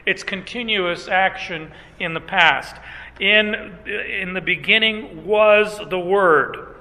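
Bright-voiced male preacher in a reverberant hall. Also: high-pitched. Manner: emphatic teaching, rhetorical questions, slows on key phrases. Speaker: pastor. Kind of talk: sermon.

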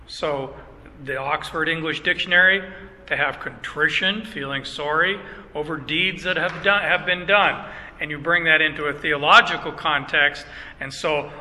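A man's voice: on the high side, normal speed, pushed and bright, long reverb tail, low-quality recording. An older Canadian man, a pastor, teaching a sermon in a conversational way with chuckling asides and frequent restarts.

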